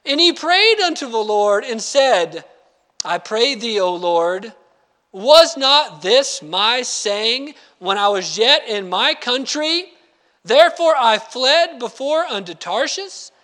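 High-voiced bright male preacher in reverb. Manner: animated, acts out quoted lines with sudden pitch jumps; reads scripture slowly and deliberately. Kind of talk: sermon. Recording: long hall reverb.

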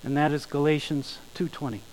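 A man preaching a sermon, emphatic, slowing down and rising in volume on key phrases. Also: a little high, fairly even intonation, darkish tone, slight background noise, low-quality recording. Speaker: pastor.

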